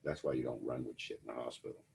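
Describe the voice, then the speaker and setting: Male instructor, very deep husky voice, wry storyteller lecturing a class. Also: quick pace, a little mellow. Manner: wry, conversational storytelling to students. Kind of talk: lecture with personal anecdotes.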